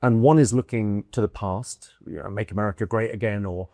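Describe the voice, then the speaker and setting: Dry-witted British comedian musing aloud. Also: male voice, on the low side, a little fast, warm tone, no echo. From United Kingdom. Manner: thoughtful, restarts often, dry wit. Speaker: comedian guest. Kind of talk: casual conversation. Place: indoor room in London.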